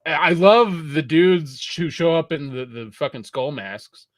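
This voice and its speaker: A man's voice: fairly high pitch, expressive, unhurried, no echo, studio quality. A man co-hosting a podcast, chatting casually with frequent stammered restarts and casual swearing. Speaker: podcast co-host. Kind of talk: casual review chat.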